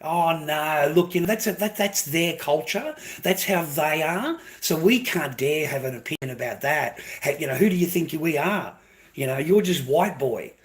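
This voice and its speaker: A man with an Australian accent and a voice pitched a little above the usual male range rants straight at the camera. His delivery is heated and confrontational, laced with profanity, and he keeps circling back over the same phrases. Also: lively intonation, normal speed. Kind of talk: angry ranting monologue to camera.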